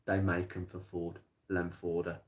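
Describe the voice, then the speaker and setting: A man chatting casually on a live stream about car parts, plain-spoken and rambling, with many pauses and restarts. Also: deep voice, completely flat delivery. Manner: rattles off blunt practical advice. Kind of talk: casual live-stream chat answering viewer comments. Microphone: smartphone.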